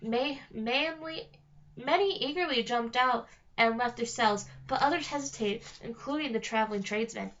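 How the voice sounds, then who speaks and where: A woman reading a novel aloud in a steady storytelling manner, slowing on key phrases. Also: a little high. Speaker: reader. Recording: dull lo-fi recording.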